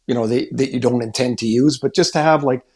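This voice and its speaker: A man's voice: medium pitch, quick pace, a little mellow. A man co-hosts a hockey podcast in an easygoing, conversational way. His voice sits in a middle register, and he often restarts his sentences as he works through an idea. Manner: thinking aloud with restarts. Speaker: podcast co-host. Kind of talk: casual sports chat.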